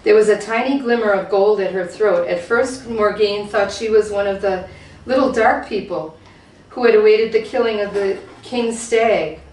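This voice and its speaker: A woman reading a novel passage aloud to a group in a steady, unhurried way. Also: medium pitch. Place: lecture room. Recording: roomy hall, voice from far off.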